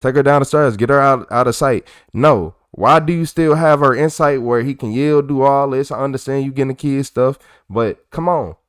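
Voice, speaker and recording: A man's voice: medium pitch, normal speed, smooth, no room sound, clean studio sound. A man reacting to police footage in casual commentary, ranting animatedly in slang.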